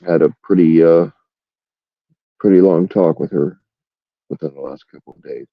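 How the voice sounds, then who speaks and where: A man with a very low, gravelly voice hosts a livestream, chatting loosely and rambling from one thing to the next, swearing freely. The recording is dull and lo-fi. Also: normal speed, dry recording. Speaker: livestream host. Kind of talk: casual livestream chat.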